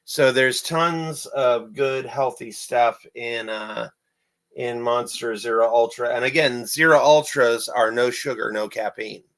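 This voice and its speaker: A young man chats loosely to the camera, circling back and repeating his points with plenty of fillers. His voice sits at a middle pitch with a gravelly edge that catches at the ends of phrases. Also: steady tone, measured pace, fairly bright tone, low-quality recording. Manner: rambling, repeats himself, many fillers. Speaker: amateur animator and writer. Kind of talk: casual vlog monologue.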